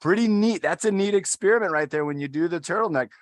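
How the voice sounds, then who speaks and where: A man's voice: high voice, quick pace, dry recording. A man instructing an adaptive fitness class, talking in an upbeat, encouraging way and counting down the holds. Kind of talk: guided workout instruction.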